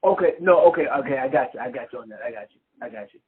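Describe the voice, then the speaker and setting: A man's voice: mid-range voice, lively intonation, racing, a crowd in the background. A man hosting a casual talk show, reacting to his guest with exclamations and frequent laughter. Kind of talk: casual chat. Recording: tinny video-call audio, faint noise.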